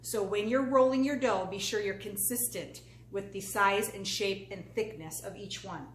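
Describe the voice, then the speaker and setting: Speaking at a moderate pace in a mid-range voice, this cooking channel host leads a relaxed demonstration in her home kitchen. She talks straight to her audience, chatty and full of enthusiasm, in an echoey room with a little background noise.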